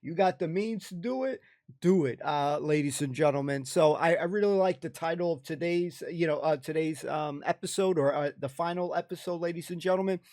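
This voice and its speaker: A man's voice: a little high, fairly quick, no room sound, clean studio sound. An American man hosting a reaction video, talking enthusiastically and rambling in casual commentary. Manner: enthusiastic, rambling, keeps saying "ladies and gentlemen".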